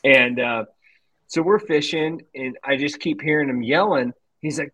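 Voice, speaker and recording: A man's voice: fairly high pitch, moderate pace, a bit bright, poor audio. A man co-hosting a casual fishing podcast, telling a rambling story and breaking into laughter. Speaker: podcast co-host.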